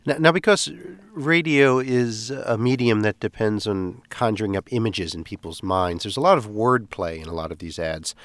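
A man's voice: lowish voice, normal speed, few pauses, a bit bright, no room sound. A man hosting a radio interview, asking curious, probing questions. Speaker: radio host.

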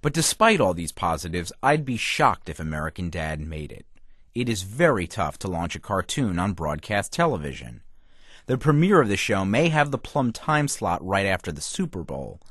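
A man's voice: low voice, a bit bright, no room sound, studio quality. A male TV critic delivering a scripted radio review with a wry, emphatic manner.

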